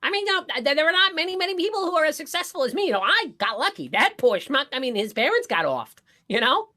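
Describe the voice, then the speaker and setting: A man's voice: very high voice, sing-song, quick pace, sharp tone, full character voice. A man playing a cocky, dim rich husband with fake airs, who rambles and stammers through improvised murder-mystery comedy. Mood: boastful.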